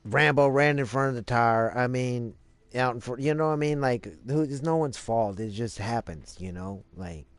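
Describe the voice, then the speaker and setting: A man's voice: mid-range voice, normal speed, no echo. A man live streaming, telling a story in a rambling casual way, cursing freely and leaning on lots of fillers. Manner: rambling, profane, many fillers.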